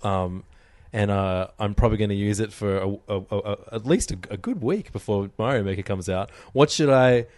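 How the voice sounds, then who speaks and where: Deep-ish dry co-host. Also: male voice, a little fast, few pauses, darkish tone, no echo. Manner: dry, sweary banter with fillers. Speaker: podcast co-host. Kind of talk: casual chat.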